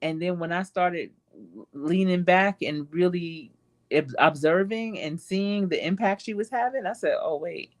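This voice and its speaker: A woman's voice: on the low side, a little slow. A woman hosting a casual live stream, talking in a chatty, reflective and encouraging way and acting out quoted asides. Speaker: host.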